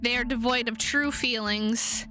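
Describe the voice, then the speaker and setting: Polite male werewolf hunter read by a woman, measured and formal, bright voice, game reading. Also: fairly high pitch, fairly even intonation, soft background music.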